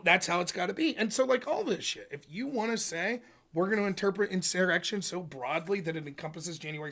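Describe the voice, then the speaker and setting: A man with a high, bright voice hosts a political livestream. He rants in a casual, profane way, and his pitch swings widely as he argues. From United States. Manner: animated, profane ranting. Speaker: livestream host.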